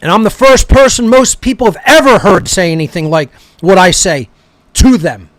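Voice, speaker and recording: High-pitched and a bit bright, this man's voice carries a profane rant in which he aggressively berates listeners, swearing constantly. The recording has no echo.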